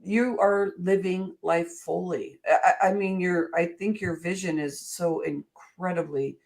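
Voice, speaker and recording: A woman's voice: on the low side, fairly even intonation, a little slow, gravelly, darkish tone. A woman hosting a podcast interview, effusive and encouraging as she asks her guest questions. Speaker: podcast host. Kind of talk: interview chat.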